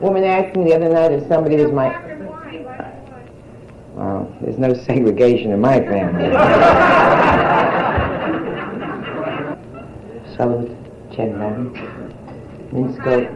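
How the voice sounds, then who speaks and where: Heavy background noise surrounds this older woman's very deep voice, which swoops wildly and moves slowly with frequent pauses. She's a stand-up comic on a nightclub stage, bantering bawdily and brassily with the audience via a handheld steel mic in a roomy live recording.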